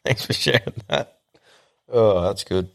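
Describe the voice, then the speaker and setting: A man's voice: fairly low pitch, slow, vocal fry. An Australian man hosting a podcast, bantering crudely and laughing with his co-host. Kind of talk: casual podcast chat.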